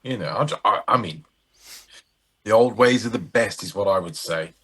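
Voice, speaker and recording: This podcast co-host has a lowish, fairly bright, slightly rough voice and talks at normal speed. He rambles through casual banter, joking around and cursing freely.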